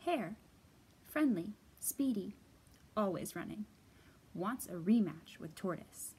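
Slow, expressive woman reading storytime. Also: medium pitch, husky. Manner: expressive, sing-song storyteller delivery. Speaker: children's librarian. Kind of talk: storytime read-aloud.

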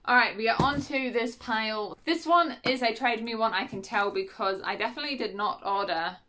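A woman's voice: a little high, fairly quick, pushed and bright, slight background noise. A woman chatting casually as she unboxes books at home, correcting herself often and giggling. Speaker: book vlogger.

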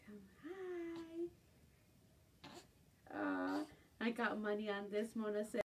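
A woman's voice: sits high, big pitch swings, slow, pauses often, darkish tone. A middle-aged woman selling jewelry on a live stream from home, chatting casually and sometimes cooing in baby talk. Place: home at night. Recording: distant phone mic with faint room noise.

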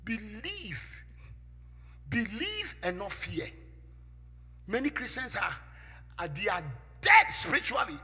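A man preaching a sermon from the pulpit, with call-and-response, swinging from loud shouts to near-whispers. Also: high voice, wildly swooping pitch, slow pace, gravelly, long pauses, breathy edge. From Ghana. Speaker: pastor. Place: church sanctuary. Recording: echoey church hall with music behind.

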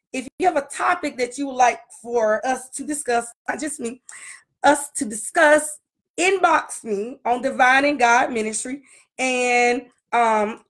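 A woman pastor opening a casual livestream teaching, greeting viewers by name and repeating her phrases. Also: high-pitched.

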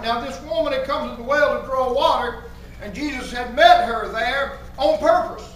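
High, bright-voiced pastor preaching in a church. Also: male voice, normal speed. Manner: fervent preaching that repeats key phrases. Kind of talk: sermon. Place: church sanctuary. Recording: echoey church from far off.

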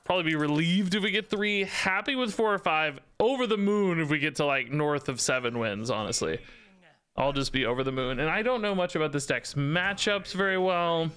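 A man's voice: fairly high pitch, lively intonation, a little fast, a bit bright, clear, resonant tone. A man streaming a card game, chatting casually, thanking subscribers and thinking aloud about his deck. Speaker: Twitch streamer. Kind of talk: casual live-stream commentary.

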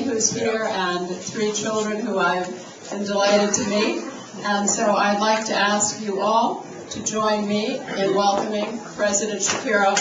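A woman speaks slowly and deliberately while telling an anecdote to introduce a speaker. Her voice comes from a distance in a reverberant hall, with clear background noise around it. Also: mid-range voice. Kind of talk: introductory speech. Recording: roomy hall, mic at a distance, noisy.

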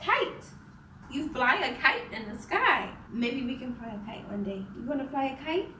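A woman's voice: sits high, normal speed, noisy background. A young woman filming a home vlog, talking in a playful sing-song way to her toddler and chatting casually to viewers. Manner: sing-song baby talk, playful and animated. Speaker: vlogger and mom. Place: home, indoors. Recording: roomy, slightly distant home camera audio.

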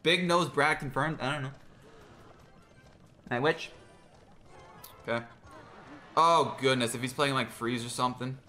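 A young man giving excitable, jokey running commentary on his own gameplay, talking to himself as he plays. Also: mid-range voice, a little slow, pauses often, soft background music. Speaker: gaming creator.

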